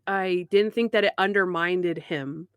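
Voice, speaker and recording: A woman's voice: lowish voice, unhurried, clean tone, no room sound, clean studio sound. A young woman co-hosting a podcast in casual chat, animatedly retelling scenes from a TV episode. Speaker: podcast co-host.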